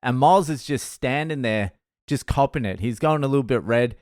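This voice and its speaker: A man's voice: medium pitch, normal speed, no echo, studio quality. A man with an Australian accent, a comedian telling a crude, laid-back story. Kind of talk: storytelling podcast.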